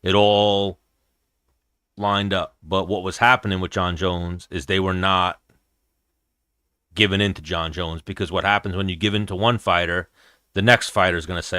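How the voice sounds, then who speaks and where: A man with a deep voice and a forceful, crisp edge chats as a podcast host. He argues his opinions in an easy, step-by-step way. The sound is close and dry. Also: fairly even intonation, unhurried, long pauses, no echo. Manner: opinionated, talks through his reasoning. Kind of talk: casual fight-watching chat.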